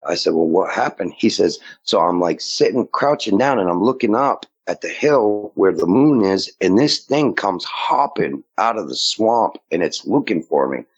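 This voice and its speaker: A man's voice: low-pitched, animated, normal speed, hardly any pauses, husky. A man casually telling a long story in a rambling way, often acting out what others said to him. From Maine. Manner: rambling, quotes others in dialogue. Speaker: guest recounting sightings. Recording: dull lo-fi audio.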